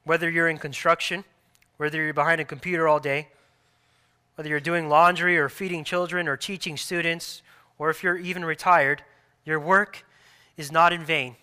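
A man in his thirties, a pastor preaching a sermon earnestly, repeating phrases and restarting softly. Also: a little high, fairly even intonation, normal speed, smooth.

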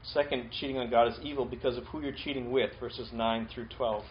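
Male pastor, conversational sermon delivery, repeats points, mid-pitched, muffled recording. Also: steady tone, brisk, a little hiss or hum. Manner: repeats key points, casual fillers and restarts.

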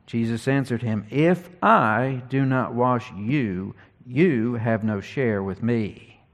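A man preaching an expository sermon, teaching earnestly and reading scripture slowly with emphasis. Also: medium pitch.

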